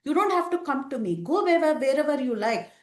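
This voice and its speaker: A woman voicing a stern young prince who speaks in a measured, distant way. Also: sits high, lively intonation, darkish tone. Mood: cold. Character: stern young prince rejecting his wife. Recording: roomy echo.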